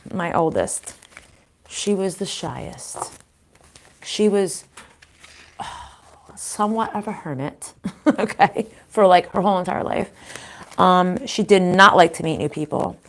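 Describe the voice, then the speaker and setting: A middle-aged woman chatting through a live spiritual reading. She talks in a frank, unfiltered way, with the odd swear word and frequent laughter. Her voice sits at an ordinary pitch for a woman. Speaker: spiritual reader. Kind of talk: casual live reading chat.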